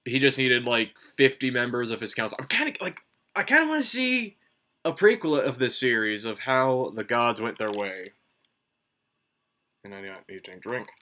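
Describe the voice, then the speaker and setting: This is a man with a sharp, bright tone, chatting through a review on his own. He rambles, swears freely and keeps restarting his sentences with fillers. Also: mid-range voice, very animated, normal speed. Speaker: manga reviewer. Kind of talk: casual solo review commentary.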